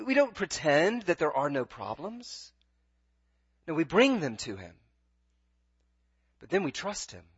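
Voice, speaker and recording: A pastor preaches earnestly and pleadingly in a slightly high, slightly rough voice, often tripping over his words and restarting phrases, repeating them as he presses on. The sound is dry and a bit muffled, lo-fi with no room sound.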